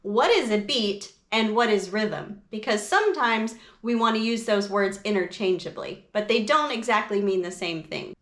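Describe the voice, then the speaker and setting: A woman music teacher explaining a lesson for parents and teachers in a slow, clear, patient way. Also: medium pitch, lively intonation, roomy sound.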